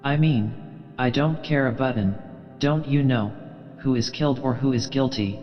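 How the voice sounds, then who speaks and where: A man's voice: medium pitch, normal speed, long reverb tail, close to an everyday voice. Earnest fussy young gent, hesitant and pleading, read by a man; dull tone, faint music.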